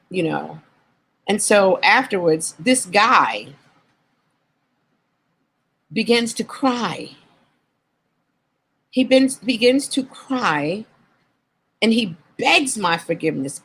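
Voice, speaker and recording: A woman guest on an interview show, candidly recounting her life in an earnest, reflective way and slowing down on painful memories. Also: mid-range voice, expressive, vocal fry, fairly bright tone, slightly rough, poor audio. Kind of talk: candid personal storytelling.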